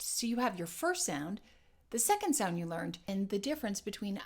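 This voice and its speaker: A woman's voice: mid-range voice, expressive, normal speed, fairly bright tone. A woman teaching an accent lesson, modeling and repeating sounds as she explains. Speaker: dialect coach.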